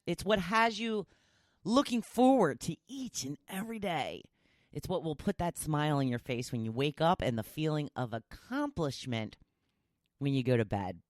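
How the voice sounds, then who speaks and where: A low-voiced middle-aged woman hosts her own podcast, delivering a loose, silly solo monologue punctuated by laughter. The sound is studio quality with no echo.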